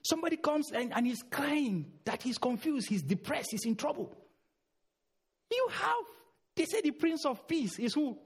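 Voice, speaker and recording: Emphatic preacher man, husky and lively. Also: moderate pace, few pauses. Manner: emphatic, swings between loud urging and low murmurs. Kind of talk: sermon.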